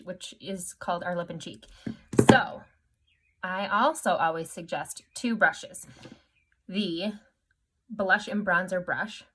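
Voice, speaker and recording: A woman's voice: lowish voice, a bit bright. A woman makeup artist giving a casual, chatty makeup tutorial to her customers, upbeat and self-deprecating.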